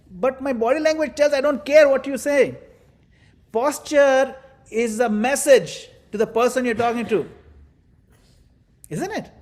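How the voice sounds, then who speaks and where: A man with a fairly high voice leads a devotional class, talking in a lively, demonstrative way. He acts things out as he teaches and slips in playful asides. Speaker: spiritual teacher.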